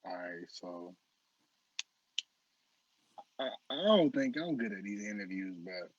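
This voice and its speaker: A man hosts an informal interview in a husky voice whose pitch swings widely. He is loose and joking and laughs easily. The recording sounds dry and dull, like lo-fi audio. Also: expressive, takes it slowly, no echo. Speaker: interview host. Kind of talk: casual interview chat.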